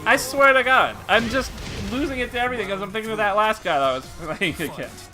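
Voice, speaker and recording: A man's voice: high voice, expressive, quick pace, over music. A tired man streaming live gameplay commentary, exasperated and swearing often, laughing at himself.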